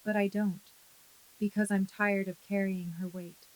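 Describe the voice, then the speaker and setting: A woman reading a scripted first-person story in a calm, measured way. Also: mid-range voice, low-quality recording. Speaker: narrator.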